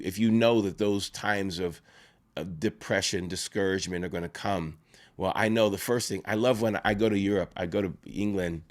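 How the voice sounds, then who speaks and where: A man, a pastor and life coach, giving earnest advice in an interview, often restarting phrases and checking in with "right?". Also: on the low side. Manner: earnest, repeats himself and restarts phrases, tags points with "right?".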